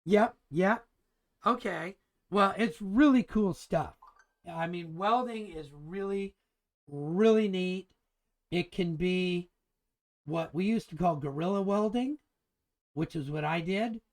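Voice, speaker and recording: A man's voice: high voice, takes it slowly, long pauses. A man teaching an engineering drafting class in a casual, chatty lecture, enthusiastic and rambling with frequent restarts. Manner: enthusiastic and chatty, keeps calling things cool.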